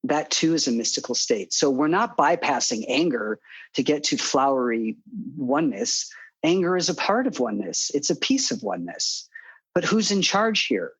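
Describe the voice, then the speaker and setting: A middle-aged man speaking calmly and earnestly as a podcast guest, sometimes acting out soothing self-talk. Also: fairly high pitch, normal speed, slightly rough, no room sound, low-quality recording. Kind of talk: interview conversation.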